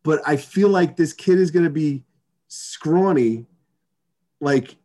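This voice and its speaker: Male co-host, chatty and giggly, slightly high-pitched. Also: slow pace, warm tone. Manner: chatty, laughs easily, rambling. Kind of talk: casual chat.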